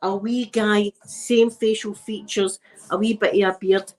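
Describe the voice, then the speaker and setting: Unhurried and fairly even in intonation, this mid-range female voice belongs to an older ASMR vlogger from Scotland with a Scottish accent. She casually tells funny stories directly to her viewer, laughing along the way.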